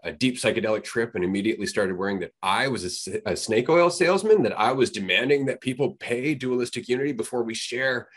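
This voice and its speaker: A man's voice: medium pitch, a bit bright. A man co-hosting a podcast in casual chat, blunt and swearing freely. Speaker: podcast co-host.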